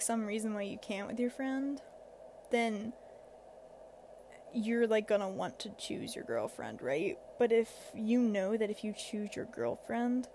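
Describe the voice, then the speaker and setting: With a fairly high, creaky, slightly mellow voice, a seventeen-year-old girl rambles through casual advice on her podcast, using lots of fillers and self-deprecating asides. A little hiss or hum sits under the recording.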